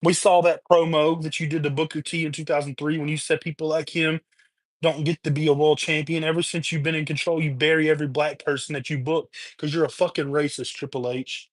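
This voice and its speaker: A man's voice: on the high side, level tone, fairly quick, no room sound. A man hosting a livestream, delivering a heated, profane, repetitive rant. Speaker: livestream host. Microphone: webcam or streaming mic.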